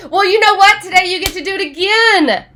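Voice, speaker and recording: A woman teaching an online Spanish class in a chatty, animated way, laughing often. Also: extremely high pitch, a little hiss or hum.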